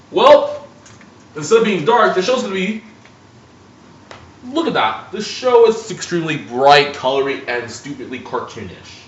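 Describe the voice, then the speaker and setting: A young man ranting casually about TV cartoons in a dim room at home, animated and profane. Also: mid-range voice, moderate pace. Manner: animated, profane, jumps between mocking impressions. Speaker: video blogger. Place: dimly lit room at home. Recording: dull, lo-fi home recording.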